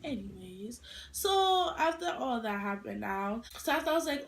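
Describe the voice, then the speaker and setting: A young woman vlogger telling a casual storytime, animated and full of attitude as she acts out quotes. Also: high voice, moderate pace. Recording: echoey room.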